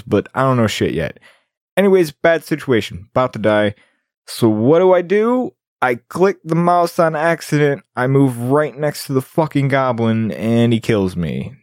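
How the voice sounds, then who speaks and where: Profane, excitable male gamer. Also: medium pitch, no echo, clean studio sound. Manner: excitable, swearing freely, frustrated outbursts. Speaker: gamer playing a video game. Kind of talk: let's play commentary.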